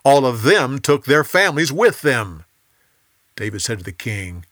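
Male narrator for a Bible story; calm, measured, bright voice, slow and dry. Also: medium pitch, no room sound.

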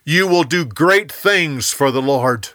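A man's voice: a little high, expressive, slow, bright, forceful tone, no echo, clean studio sound, heavily acted. A man voicing Saul, an older king speaking with contrition and regret. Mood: remorseful. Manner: pleading and contrite.

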